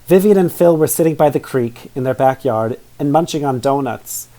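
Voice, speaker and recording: A man's voice: mid-range voice, normal speed, dark tone. A man reading a children's story aloud, adding chatty asides and questions to young listeners. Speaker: storybook reader.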